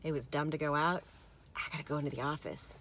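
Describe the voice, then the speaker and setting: A middle-aged woman vlogging, telling a story in a gravelly, tired voice and mimicking the people she quotes. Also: low voice, fast talker, slight background noise. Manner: animated, mimics others in quotes. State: gravelly from little sleep. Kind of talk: casual storytelling to camera.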